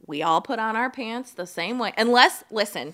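A woman's voice: animated, normal speed, pushed and bright. A woman co-hosting a casual podcast chat whose voice moves all over its range. She tells stories playfully and acts out the other voices in them. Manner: playful storyteller, acts out voices with big pitch swings. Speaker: podcast co-host.

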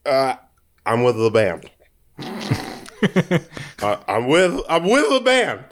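Rambling drunk dude with the band, man putting it on, slurry and slow, lively swings in pitch. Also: a little hiss or hum, heavily acted. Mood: woozy. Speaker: podcast guest.

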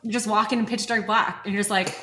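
A young woman telling animated, laughing stories as a guest on a casual podcast, often quoting what people said. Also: medium pitch, fast talker. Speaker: guest, wildlife filmmaker.

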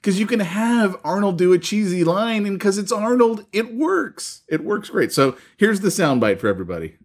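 A man co-hosting a podcast, telling stories in a casual, laughing, animated way. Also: sits high, normal speed. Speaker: podcast co-host. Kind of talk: casual chat.

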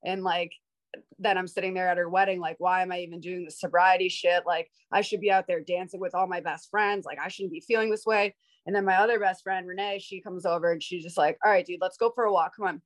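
A woman's voice: on the low side, steady tone, a little fast, rough recording. A woman in her thirties from Boston, a guest on a video-call interview, telling candid stories in an outgoing way and laughing often. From Boston, USA. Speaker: guest, sober bartender. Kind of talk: casual interview storytelling.

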